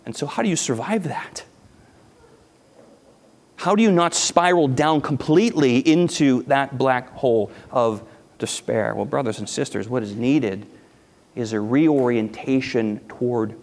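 A man's voice: medium pitch, a little slow, a little mellow. Earnest male pastor preaching in reverb. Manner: earnest, emphatic preaching with repetitions and dramatic drops to near-whisper. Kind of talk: sermon. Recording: hall reverb.

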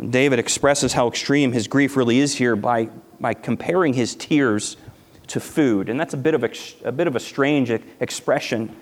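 A man preaching a sermon as pastor, earnest and emphatic, repeating phrases and dropping his voice very low at key points. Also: normal speed. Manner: earnest, emphatic preaching with repetitions and dramatic drops to near-whisper. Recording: hall reverb.

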